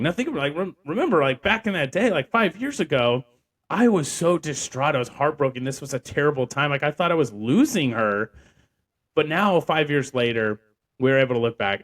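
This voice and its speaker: A man's voice: medium pitch, fairly bright tone. A young man hosting a podcast, telling a personal story in a rambling way with lots of fillers and restarts. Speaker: podcast host. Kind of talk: casual storytelling.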